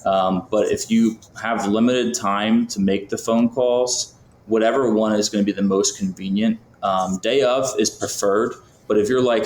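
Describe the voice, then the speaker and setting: A man's voice: on the low side, fairly even intonation, moderate pace, slight background noise. A man from Florida, a podcast guest talking casually with lots of fillers and acting out sample phone calls. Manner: chatty, many fillers, acts out phone calls. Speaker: podcast guest, business founder. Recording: roomy, faint background ambience.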